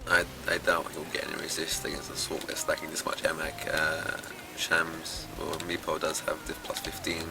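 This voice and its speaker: Deep, even-toned male game analyst. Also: normal speed, gravelly, few pauses. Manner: analytical, methodical, with hesitations and fillers. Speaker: esports commentator. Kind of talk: live game commentary. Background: background music.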